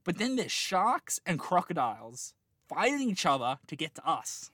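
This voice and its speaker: A man's voice: on the high side, big pitch swings, normal speed, pushed and bright, no echo. A man in his late twenties chatting casually, telling a long rambling dream with lots of laughter and restarts. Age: late 20s. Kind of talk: casual chat, dream storytelling.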